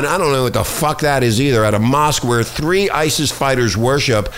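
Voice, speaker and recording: A man's voice: mid-range voice, moderate pace, few pauses, a bit bright, clear, resonant tone. A man hosting a talk show, ranting and swearing as he reads news stories aloud, often stumbling over words and names. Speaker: show host. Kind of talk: profane talk-radio rant reading news aloud.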